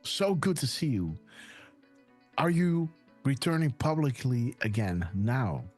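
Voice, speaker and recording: A man hosting a casual live stream, talking excitedly and tossing "right?" and "guys" into nearly every sentence. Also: medium pitch, slow pace, faint music behind. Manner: excited whoops and laughs. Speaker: host. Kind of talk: casual livestream commentary.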